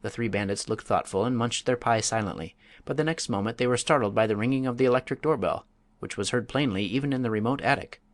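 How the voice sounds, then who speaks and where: A man narrates a classic story aloud at a measured, even pace. His voice sits mid-range, neither high nor low. The recording is dry and close, with no room sound. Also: dry recording. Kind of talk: audiobook narration.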